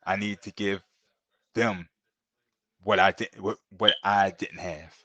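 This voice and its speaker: A man's voice: low-pitched, fairly even intonation, slow, bright, forceful tone, dry recording. A middle-aged man, a podcast guest, telling earnest and emotional stories in a casual interview, often repeating himself and calling the host bro.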